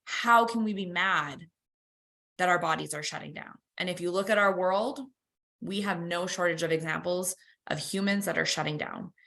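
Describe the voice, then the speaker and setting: A woman's voice: lowish voice, pushed and bright. A woman co-hosting a motivational talk, chatty and self-deprecating, explaining with everyday analogies. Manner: chatty, uses car analogies, laughs at herself. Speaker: co-host.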